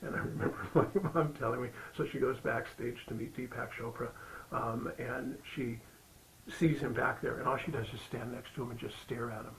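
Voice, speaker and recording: A man's voice: medium pitch, fairly even intonation, moderate pace, slight background noise, poor audio. A man giving a Sunday sermon, telling a story in a loose, conversational way with fillers. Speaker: spiritual practitioner giving the Sunday talk.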